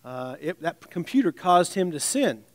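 High-voiced man preaching a sermon. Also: very animated, normal speed, dry recording. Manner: conversational, with restarts and wry asides; drops to a soft, low voice on scripture.

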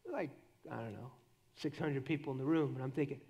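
A middle-aged man preaching a sermon at a church conference, animated, dropping into a hushed voice when he acts out prayers. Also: on the high side, quick pace, gravelly.

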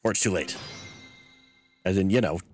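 Un homme qui commente en direct un jeu narratif, avec des apartés moqueurs et bavards. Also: male voice, low-pitched, normal speed, darkish tone, soft background music. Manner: wry, chatty asides. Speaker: streamer playing a story game. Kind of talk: casual let's-play narration.

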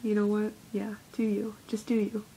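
A woman's voice: medium pitch, completely flat delivery, normal speed, dark tone, slight background noise. A young woman giving a rambling, heavily profane, self-deprecating confessional vlog monologue as a YouTuber.

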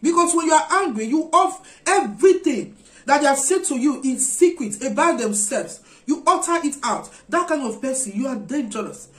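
A woman's voice: high voice, animated, moderate pace. A woman preaching a sermon, urging her listeners with earnest, repeated exhortations. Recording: echoey room.

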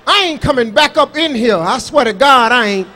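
A man's voice: extremely high pitch, animated, moderate pace, noisy background. A man doing a live stand-up comedy set, brash and profane, boasting and scolding the crowd. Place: live comedy show on stage.

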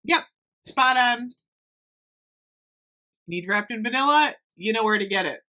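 A woman reviewing scented products in an excited, gushing chat, gasping and saying "oh my gosh" often. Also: fairly high pitch, unhurried. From United States. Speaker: beauty haul vlogger.

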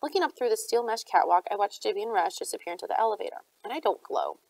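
A woman narrating an audiobook chapter in a steady storytelling manner, close to the mic. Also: mid-range voice, rapid-fire, vocal fry, rough recording. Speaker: audiobook reader.

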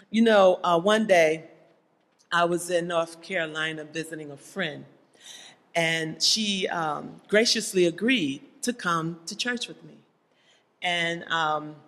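This sermon comes from a church speaker with a mid-range, slightly bright voice, who confronts the congregation with pointed rhetorical questions. It was recorded in the sanctuary, where a long hall reverb trails each line.

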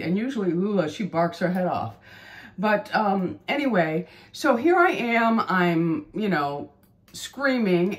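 Chatty woman in her fifties. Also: medium pitch. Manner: chatty, rambling storyteller. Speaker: beauty channel host. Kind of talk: casual chat.

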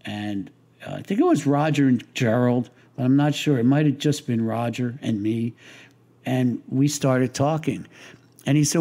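A man's voice: mid-range voice, moderate pace, mellow. An older man, a guest in an interview, telling stories in a loose, rambling way with restarts, fillers and wise-guy humor. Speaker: interview guest, lighting designer. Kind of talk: casual anecdotal storytelling.

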